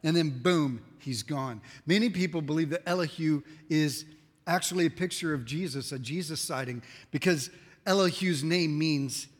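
Male pastor, high voice, emphatic animated sermon delivery, hall reverb. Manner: emphatic, animated storytelling with quick asides.

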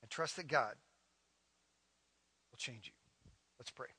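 A middle-aged man preaching a sermon as a pastor, building to loud, emphatic declarations and then easing into a soft, guided prayer. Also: mid-range voice, takes it slowly, breathy edge.

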